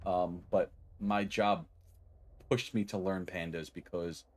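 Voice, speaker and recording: A man's voice: deep voice, fairly even intonation, slow. A man streaming casually, rambling cheerfully, greeting viewers by name and joking at his own expense. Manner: self-deprecating, loses his train of thought. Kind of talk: casual live-stream chat.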